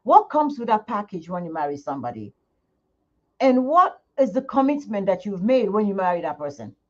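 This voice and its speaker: Animated woman venting on a livestream. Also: mid-range voice, fairly quick. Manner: animated, venting frankly to viewers. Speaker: skincare channel host. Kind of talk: casual livestream chat. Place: at home. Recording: muffled lo-fi sound.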